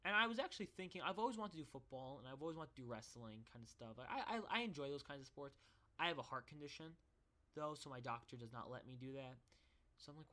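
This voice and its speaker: Young man, casual storytelling, rambling, swears freely, bright tense voice, slightly high. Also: very animated, normal speed. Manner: rambling, swearing, many restarts. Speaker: vlogger.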